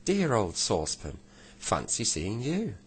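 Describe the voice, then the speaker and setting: A hearty old fellow teasing his friend with fond good humour, read out by a man. The voice is gruff and low. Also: wildly swooping pitch, measured pace, full character voice. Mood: delighted.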